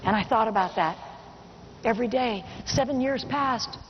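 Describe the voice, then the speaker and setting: Middle-aged woman telling a personal story. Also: a little high. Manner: personal storytelling, slows down for emphasis. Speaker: motivational speaker. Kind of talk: motivational keynote speech. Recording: muffled recording with faint hiss.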